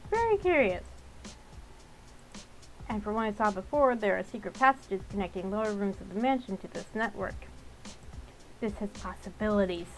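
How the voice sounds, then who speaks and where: A woman's voice: mid-range voice, lively intonation, moderate pace, long pauses, soft background music, poor audio. A woman playing a story game and chatting through it in a playful way, thinking aloud. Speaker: let's-play gamer. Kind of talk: gameplay commentary.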